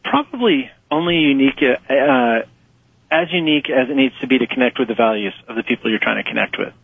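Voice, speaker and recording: Speaking fast in a medium pitch, a man with a husky, slightly rough voice gives conversational interview answers as an author and nonprofit fundraising guest. He's loose and animated, laughs a lot, and acts out quotes in a louder voice. The recording is dry and muffled, with the tinny sound of a phone line.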